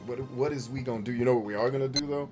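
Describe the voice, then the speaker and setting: Male game streamer, animated and profane, casual running commentary. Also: mid-range voice, very fast, over music. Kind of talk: casual let's-play commentary.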